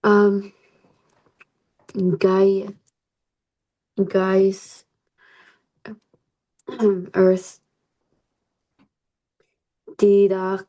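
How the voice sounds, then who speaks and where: A woman reads vocabulary aloud at a very slow, halting pace, breaking words into pieces and starting over. Her voice sits at an ordinary middle pitch. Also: completely flat delivery, mellow. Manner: halting, sounding out words with restarts. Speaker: student. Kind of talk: reading vocabulary aloud in a lesson.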